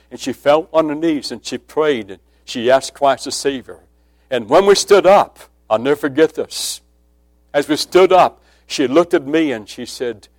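Man, preacher, emphatic sermon, drops to hushed quotes, mid pitch, dry sound. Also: no echo. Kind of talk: sermon with personal testimony.

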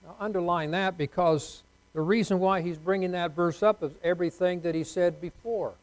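A man preaching a sermon, leading the congregation in call-and-response and swinging between soft asides and loud, emphatic lines. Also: sits high, steady tone, normal speed, poor audio. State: unwell.

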